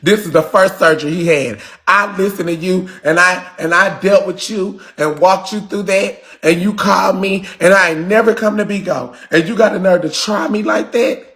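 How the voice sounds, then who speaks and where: A man hosting a livestream, delivering a heated, confrontational rant with shouting and cursing. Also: high-pitched, moderate pace, hardly any pauses. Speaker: livestream host.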